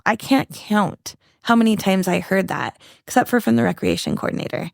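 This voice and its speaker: Earnest woman telling her story, slightly gravelly. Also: mid-range voice, no echo, clean studio sound. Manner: earnest, halting, many restarts and fillers. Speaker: podcast guest. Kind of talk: candid personal storytelling.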